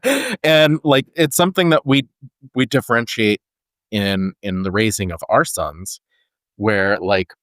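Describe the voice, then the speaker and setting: A man's voice: lowish voice, lively intonation, unhurried, fairly bright tone, dry recording, clean studio sound. A man co-hosting a podcast, talking in earnest and thinking aloud with frequent restarts. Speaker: podcast co-host. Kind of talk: casual conversational podcast.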